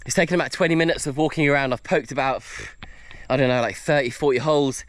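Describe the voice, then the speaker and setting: A man vlogging while he hunts food outdoors on a tropical island, excitable and out of breath, exclaiming as he narrates. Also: mid-range voice, quick pace, dry recording. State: out of breath, sweating. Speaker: bushcraft vlogger. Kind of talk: excited handheld outdoor vlog.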